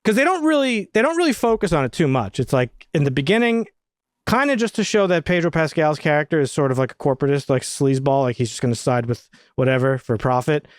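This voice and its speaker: A man's voice: on the high side, fast, clear, resonant tone, no echo, clean studio sound. A man co-hosting a film review podcast, talking casually and swearing a lot while telling stories. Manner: profane, animated storytelling. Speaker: podcast co-host.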